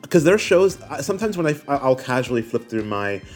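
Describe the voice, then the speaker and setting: A man co-hosting a podcast in casual chat, halting and repeating words as he reflects. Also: medium pitch, sing-song, soft background music. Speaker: podcast co-host.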